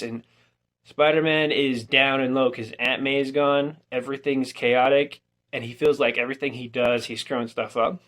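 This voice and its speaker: A young man casually reviewing a movie, retelling its scenes in an animated way and quoting the characters with plenty of "like.". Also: medium pitch, a little slow. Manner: animated storytelling, quotes characters with filler "like".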